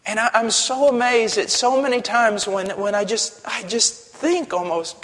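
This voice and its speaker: A male pastor preaching a sermon, passionate, dropping to a hush and then rising to a shout. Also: high voice, measured pace. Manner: impassioned, swings from hushed to shouting. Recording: long hall reverb.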